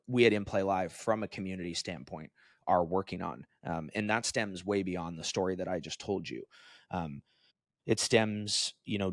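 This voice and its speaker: Deep guy, 30s, chatting on a podcast, dry mic, acts out the quotes. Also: dry recording. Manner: storytelling, animated when quoting others. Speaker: podcast co-host. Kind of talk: casual podcast chat.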